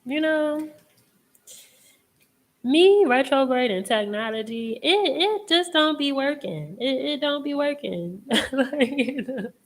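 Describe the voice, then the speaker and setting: A woman's voice: high voice, lively intonation, takes it slowly. A woman hosting a live tarot chat, talking casually in a rambling way, laughing often and swearing freely. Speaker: host and tarot reader.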